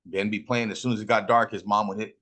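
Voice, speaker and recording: A man's voice: fairly low pitch, little pitch movement, fast, fairly bright tone. A middle-aged man from Fresno, California, telling stories casually while smoking, profane, boastful and full of slang. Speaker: host.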